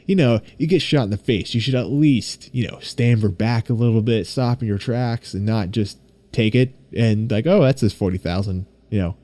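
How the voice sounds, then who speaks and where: A young man hosting his own podcast, chatting casually and excitably, rambling and swearing freely. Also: medium pitch, moderate pace, no echo. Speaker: podcast host. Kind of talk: casual solo podcast chat.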